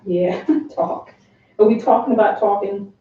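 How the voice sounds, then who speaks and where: A woman's voice: mid-range voice, steady tone, a little slow. A woman on a live stream, coaxing her pet parrot to talk in a sing-song baby-talk voice and chatting to viewers in between. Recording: echoey room, slightly dull live-stream sound.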